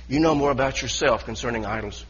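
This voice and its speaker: Male pastor, husky mid-pitched voice, earnest stop-start preaching, muffled church recording. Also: quick pace. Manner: earnest preaching with repeated restarts. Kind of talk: sermon.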